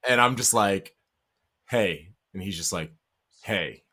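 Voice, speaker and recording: A man hosting a stream, chatting casually and telling an animated story in which he acts out quoted lines. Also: deep voice, slow pace. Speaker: stream host. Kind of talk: casual chat.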